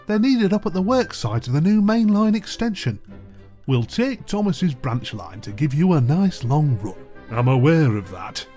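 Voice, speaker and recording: A lively, expressive character from a children's train cartoon, his pitch rising and falling widely as he speaks. Faint music runs underneath the voice. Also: normal speed.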